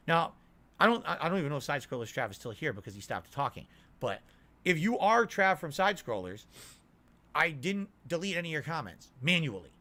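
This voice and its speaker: Bright-voiced man on an indignant rant. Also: fairly high pitch. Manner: indignant, complaining. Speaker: streamer. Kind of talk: ranting monologue.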